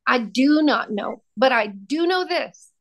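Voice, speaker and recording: A woman's voice: sits high, animated, unhurried, lo-fi sound. A woman sharing her testimony as a podcast guest, fervent and emphatic, repeating key phrases for weight. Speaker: podcast guest, prayer ministry founder.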